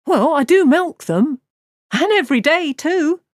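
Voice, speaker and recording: A woman voicing an eager, boastful young village man in an audiobook, talking in an excited, pushy way. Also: high-pitched, measured pace, no echo, clean studio sound, voice pushed up.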